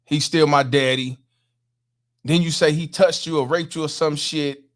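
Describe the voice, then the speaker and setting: A man's voice: fairly high pitch, steady tone, normal speed. A man hosting a stream, casually explaining and reacting to clips for viewers with plenty of profanity. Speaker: host.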